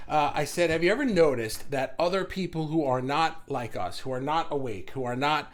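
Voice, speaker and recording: A man hosting a casual spiritual talk, rambling and animated, laughing and sighing often. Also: a little high, moderate pace. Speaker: spiritual channel host.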